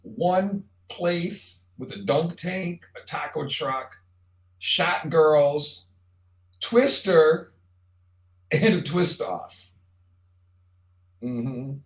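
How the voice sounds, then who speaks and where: A man's voice: on the high side, expressive, very slow, pauses often. A man hosting a live online show, talking casually in a rambling, jokey monologue straight to the viewer. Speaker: show host. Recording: roomy echo.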